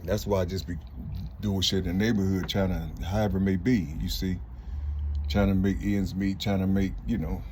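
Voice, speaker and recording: A man's voice: fairly low pitch, darkish tone, a little hiss or hum. An older man talking to the camera in a rambling casual monologue, repeating "you see" and swearing a lot. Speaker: vlogger.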